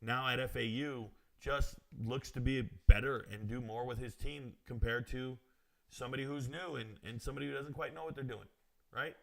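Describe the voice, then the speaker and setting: His voice is mid-range and gravelly, with a steady tone and moderate pace. As host of a sports betting live stream, he reads out what viewers write and answers with swagger, casual slang, and chatty tangents.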